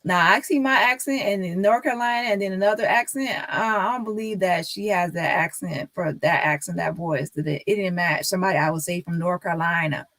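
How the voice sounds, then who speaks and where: A woman's voice: on the low side, brisk, few pauses, a bit bright, no room sound. A woman on a live stream talking casually and insistently to her viewers, repeating her points.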